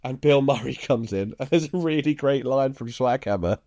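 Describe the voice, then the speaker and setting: Brief: male podcast co-host, relaxed plot-recap delivery with easy chuckles. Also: mid-range voice, normal speed. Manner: laid-back storytelling, chuckles while recounting scenes. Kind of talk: casual film recap.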